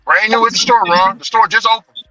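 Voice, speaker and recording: Animated man telling a story in a car. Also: high voice, brisk, no room sound, recorded from a distance, dull audio. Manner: animated, repeats words, acts out quoted voices. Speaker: delivery driver telling a story. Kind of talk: casual storytelling vlog. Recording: voice a bit off-mic, faint music behind.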